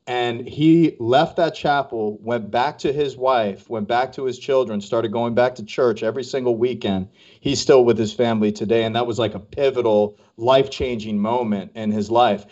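A man's voice: medium pitch, a little mellow. A man casually telling a story on a podcast as a co-host, acting out the voices of people he quotes. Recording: dull lo-fi podcast audio.

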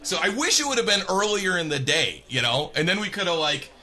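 A man's voice: high-pitched, fairly quick. A man in his thirties, a radio host, telling a funny story with lots of laughter. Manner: animated, laughing as he tells. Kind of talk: comic storytelling.

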